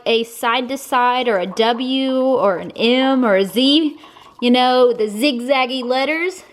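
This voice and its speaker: A young woman with a regional accent giving a chatty, upbeat recipe demonstration, with self-deprecating asides. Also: on the high side. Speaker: cooking vlogger.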